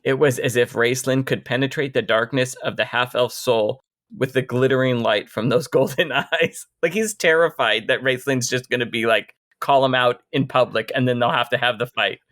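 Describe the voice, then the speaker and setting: A man's voice: medium pitch, moderate pace, fairly bright tone, no room sound. A man co-hosting a podcast, casually talking through a book with dry wit and reading passages aloud. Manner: wry, reads passages aloud. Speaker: podcast co-host.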